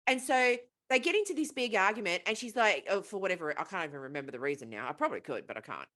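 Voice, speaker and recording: A woman's voice: medium pitch, animated, quick pace, fairly bright tone. A woman co-hosting a casual podcast, retelling a film plot in a profane, rambling way. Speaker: podcast co-host.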